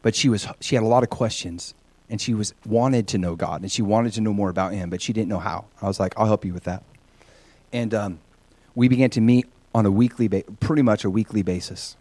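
Middle-aged male preacher, lively storyteller, dry close sound, acts out quoted people. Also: on the low side, fairly quick, no room sound. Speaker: pastor. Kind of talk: sermon with personal stories.

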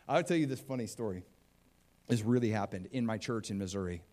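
A man preaching a sermon in an animated, conversational way, often acting out what people say. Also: fairly low pitch, normal speed. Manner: animated and conversational, acts out quotes.

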